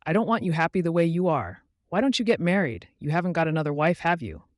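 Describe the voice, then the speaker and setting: A woman's voice: lowish voice, lively intonation, quick pace, a little mellow, dry recording, studio quality, voice pushed up, lightly acted. A man voicing a reproachful, sobbing Scottish woman friend in an audiobook. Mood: bitter.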